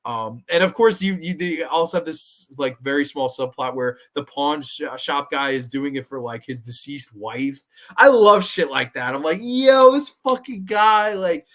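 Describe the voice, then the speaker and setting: A man from New York with a New York accent, hosting a casual horror review show, animated and swearing freely. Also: a little high. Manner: animated, swearing, acts out quoted lines. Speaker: podcast host.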